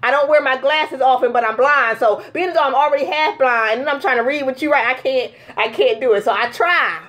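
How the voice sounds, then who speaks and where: A woman in her forties hosting a casual chat, an animated storyteller who laughs often. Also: high-pitched, fairly quick. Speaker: show host.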